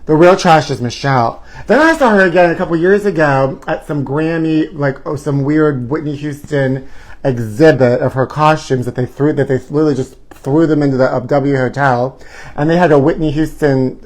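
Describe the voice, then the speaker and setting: A man's voice: a little high, normal speed. Campy gossiping man on a live stream. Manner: calls viewers honey and trashies. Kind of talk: casual live-stream chat. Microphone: own camera.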